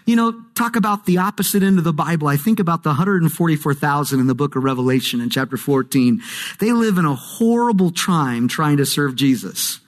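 A man preaching a sermon, reading scripture and then talking in a relaxed, joking, emphatic way. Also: fairly high pitch, brisk. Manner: conversational, jokey preaching with emphatic swings. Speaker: pastor.

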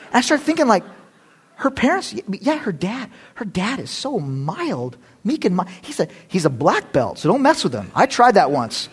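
Speaking at a moderate pace in a high, slightly rough voice, a male pastor delivers a storytelling sermon. His manner is animated and conversational, with humor aimed at himself.

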